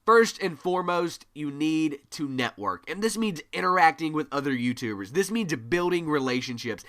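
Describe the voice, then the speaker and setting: A man giving a gaming tutorial to camera, energetic and always varying his pitch, on a USB desk mic. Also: moderate pace. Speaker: gaming YouTuber. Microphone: USB desk microphone.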